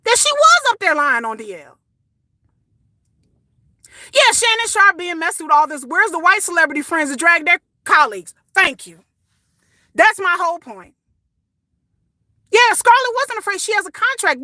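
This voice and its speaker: A woman, ranting casually to her viewers, sassy and animated, swearing and repeating words as she goes. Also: very high-pitched, normal speed, long pauses, dry recording, studio quality. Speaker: commentary vlogger. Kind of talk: casual opinion rant.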